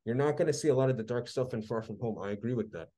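A man's voice: mid-range voice, racing, dark tone. A man co-hosting a podcast, ranting in a heated, sarcastic way during casual chat. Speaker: podcast co-host.

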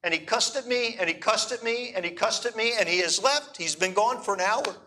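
A man voicing an upset young Israeli woman who speaks soft, broken English with a Hebrew accent. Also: sits high, brisk, voice pushed up. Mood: distressed.

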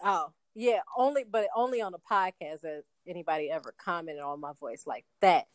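A woman's voice: lowish voice, fairly quick, a crowd in the background. A woman co-hosting a podcast in casual chat, with a radio host voice and a playful, laughing manner.

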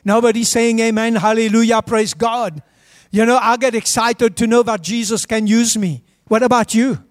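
A man's voice: very high-pitched, fairly even intonation, normal speed, dry recording, clean studio sound. A man preaching a sermon as a pastor in a church, urging the congregation to answer back. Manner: urges the congregation to respond.

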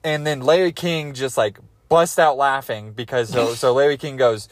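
A man's voice: medium pitch, normal speed, few pauses, dry recording. A man hosting a casual podcast, telling stories with lots of laughter and casual swearing. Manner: animated storyteller, laughs often, swears casually. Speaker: podcast host.

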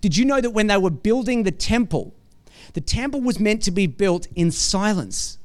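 A man's voice: high-pitched, moderate pace. A man preaching a sermon in a conversational way, often checking in with the congregation with "right?" and acting out little scenes. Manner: animated storytelling with acted-out asides.

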